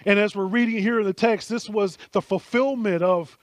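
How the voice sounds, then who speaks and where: Earnest male preacher, slightly high voice. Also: moderate pace, no echo, clean studio sound. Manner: earnest, repeats words when stressing a point, acts out bystanders' lines. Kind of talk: sermon.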